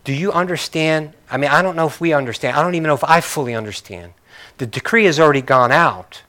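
A man's voice: fairly high pitch, quick pace, sharp tone. A male pastor preaching a sermon in a conversational way, with joking, apologetic asides to his congregation.

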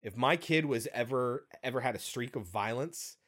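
A man co-hosting a podcast, chatting casually about a film in an animated, profane way with quick asides. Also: mid-range voice. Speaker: podcast co-host.

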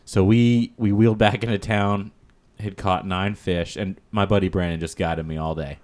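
Male, low-pitched, rambling storyteller for casual podcast talk. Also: steady tone, normal speed, a little mellow. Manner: rambling storyteller, lots of fillers and "he's like". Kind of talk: casual chat.

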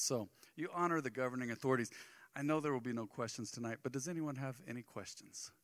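A man's voice: mid-range voice, fast, no room sound, studio quality. A middle-aged man, preaching a sermon as a pastor and acting out the people in his stories. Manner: animated storytelling, acting out the people he quotes.

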